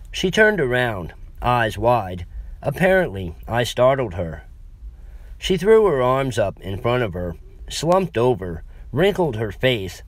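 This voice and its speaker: A man narrating a first-person story in a wry, conversational way with asides to the listener. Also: medium pitch.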